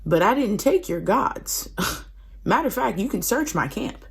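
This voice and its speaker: A woman's voice: medium pitch, sing-song, a little slow, vocal fry, slightly rough, voice pushed up, heavily acted. A woman voicing a young herdsman, exasperated and ranting as he defends his years of hard work. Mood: defensive.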